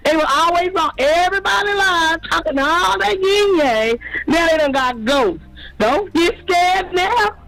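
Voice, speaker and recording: A man's voice: extremely high pitch, animated, moderate pace, creaky, hardly any pauses, sharp tone, low-quality recording. A man hosting a sports channel, ranting and trash-talking as a fan, taunting and petty toward rival supporters.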